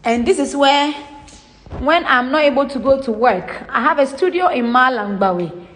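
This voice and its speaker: A woman's voice: high voice, lively intonation, normal speed, fairly bright tone. A young woman with a Ghanaian accent gives a blunt, swearing home tour to camera, mixing Pidgin and Twi. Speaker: celebrity giving a home tour. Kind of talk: casual animated talk to camera.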